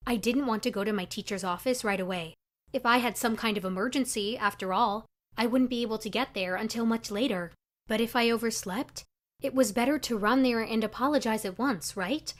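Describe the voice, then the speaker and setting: A young woman narrating her own story in a chatty, confessional, scripted style for an animated video. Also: fairly high pitch.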